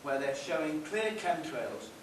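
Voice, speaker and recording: A man with a fairly high, sing-song voice speaks at a measured pace, giving a wry, conversational public talk that wanders into asides. Recorded in a meeting hall on a distant room mic, the audio sounds roomy with faint hiss.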